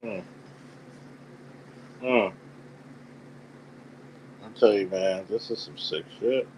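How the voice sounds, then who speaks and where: Man, low voice, very slow, measured, grim, casual chat. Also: a little mellow, slight background noise, poor audio.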